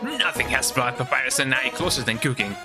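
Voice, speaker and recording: A man's voice: mid-range voice, animated, a little fast, music in the background, natural voice. A man reading the lines of a brash, hot-headed female fish warrior captain aloud, raising his voice to play her boastful manner. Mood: eager. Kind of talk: reading game dialogue aloud.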